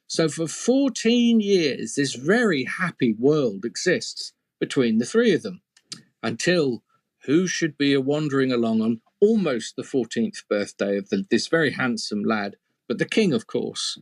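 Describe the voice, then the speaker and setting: A man's voice: medium pitch, big pitch swings, measured pace, no echo. A man storyteller telling an old fairy tale in a conversational way, with playful asides to the listener. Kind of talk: oral storytelling.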